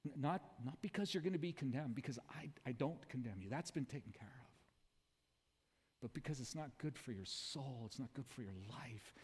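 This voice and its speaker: A preacher plays a gentle male teacher from a Bible story, his voice dropped low and hushed. He sounds slow, intimate and earnest, compassionate but direct. The long reverb of a church hall hangs on every word. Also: animated, breathy edge. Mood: tender, earnest.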